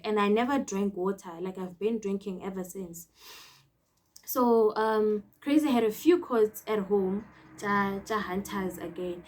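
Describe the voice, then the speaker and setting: Young South African woman vlogger, lively storytime delivery, switches languages freely. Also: medium pitch, normal speed. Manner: animated, code-switching storytelling. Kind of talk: storytime vlog.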